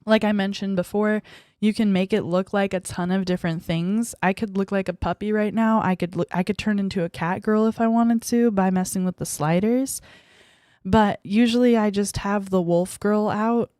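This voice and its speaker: A woman's voice: medium pitch, fairly even intonation, normal speed, mellow, no room sound, clean studio sound. A young woman streaming as a VTuber, chatting casually with her viewers in a giggly, bratty way and squealing when they tease her. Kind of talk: casual livestream chat reading viewer messages.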